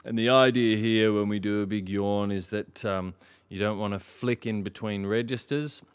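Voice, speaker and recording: A man leading a vocal warm-up lesson, calmly instructing and demonstrating sung scales. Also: on the low side, moderate pace, clean tone. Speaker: singing teacher.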